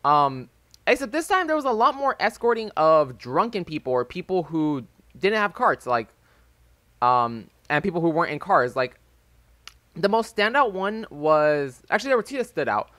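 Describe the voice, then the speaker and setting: A man's voice: on the high side, very animated, moderate pace, a bit bright, dry recording. A man in his early twenties telling a loose, rambling story over gameplay, full of "like" and "um". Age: early 20s. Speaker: gaming YouTuber. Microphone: desk microphone with a phone as backup.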